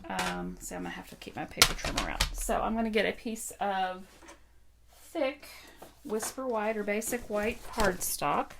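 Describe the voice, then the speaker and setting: A woman's voice: mid-range voice, sing-song, normal speed, a bit bright, a little hiss or hum. A woman casually demonstrating card making on a live stream, thinking aloud with frequent ums and asides to viewers. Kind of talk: casual live craft tutorial.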